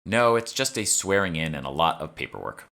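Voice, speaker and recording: A man voicing a sarcastic young woman with a British accent who teases with quick quips. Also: low-pitched, very animated, vocal fry, bright, forceful tone, exaggerated voice. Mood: wry.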